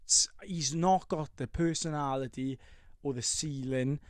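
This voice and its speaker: A young man co-hosting a podcast, talking in an animated, sweary, bantering way. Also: medium pitch, measured pace, no echo, clean studio sound. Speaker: podcast co-host. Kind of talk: casual chat.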